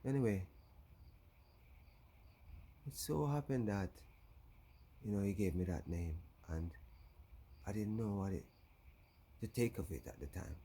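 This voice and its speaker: A man's voice: fairly low pitch, animated, a little slow, pauses often, dark tone, husky. A man with a Jamaican accent, vlogging a rambling casual story on his channel and filling it with "you know.". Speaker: YouTuber.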